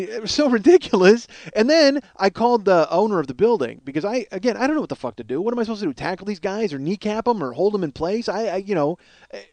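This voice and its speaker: Animated, cursing podcast storyteller man. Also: sits high, no room sound. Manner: animated, profane, rambling with restarts. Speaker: podcast host. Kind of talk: comedic storytelling monologue.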